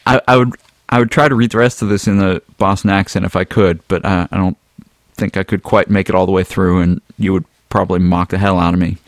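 Brief: male podcast co-host, low voice, dry close mic, laid-back email reader. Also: fairly quick, no room sound. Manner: relaxed, chuckling, reads emails aloud. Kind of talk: casual chat.

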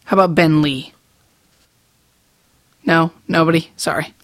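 A man co-hosting a podcast in casual chat, joking, swearing freely and telling quick anecdotes. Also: a little high, fairly even intonation, no room sound. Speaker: podcast co-host.

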